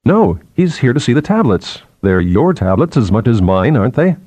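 A brisk, curt woman archaeologist, as a male narrator puts her on, keeping men at a distance. The voice lifts and dips in lively steps, in a dry, close recording. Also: medium pitch, no echo. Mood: cool. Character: cool, curt female archaeologist. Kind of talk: audiobook character voice.

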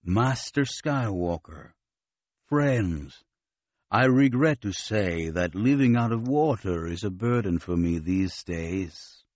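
A man voicing an old, ailing, fish-like alien admiral who lisps and gasps for air as he speaks slowly. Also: on the low side, expressive, a little mellow, no room sound, highs cut off, pitched below the performer's own voice. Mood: weary. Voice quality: lisping, gasping for air.

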